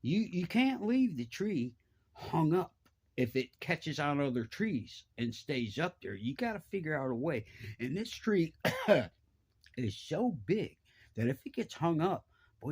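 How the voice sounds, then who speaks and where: Husky middle-aged guy, lively pitch all over, swears a lot telling his story. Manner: animated, profane, acts out voices with big pitch jumps. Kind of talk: casual storytelling.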